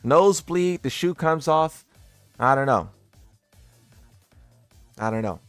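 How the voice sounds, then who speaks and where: A man's voice: mid-range voice, animated, slow, clean tone, no echo, faint music behind. A man doing casual commentary for his viewers. He sounds incredulous and teasing, and he laughs at what he reads. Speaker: gaming content creator.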